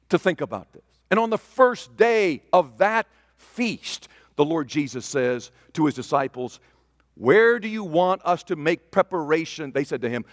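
Guy preaching a sermon, pretty high voice, big dramatic swings loud to hushed, long hall reverb. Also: studio quality.

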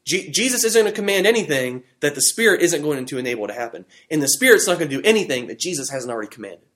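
A man teaching a Bible study class, talking in a conversational, animated way with fillers and restarts. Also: on the high side, fast talker. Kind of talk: classroom Bible lesson with fill-in notes.

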